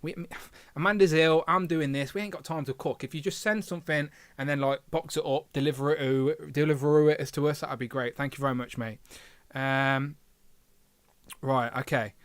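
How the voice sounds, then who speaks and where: A man's voice: fairly high pitch, fairly even intonation, normal speed, clear, resonant tone, dry recording. A man hosting a casual livestream, chatting and reading viewer comments aloud with filler hums. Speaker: livestream host.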